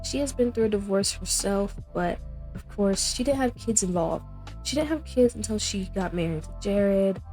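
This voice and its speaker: A woman's voice: medium pitch, lively intonation, normal speed, darkish tone, faint music behind. A young woman casually commenting on her life-sim gameplay, chatty and rambling as she narrates what her characters say. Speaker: gameplay host.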